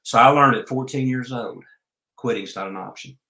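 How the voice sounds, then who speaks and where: A man, a podcast guest telling folksy farm stories at an unhurried pace. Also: medium pitch, pushed and bright, echoey room, slight background noise, low-quality recording. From Oklahoma. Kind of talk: storytelling in a podcast interview.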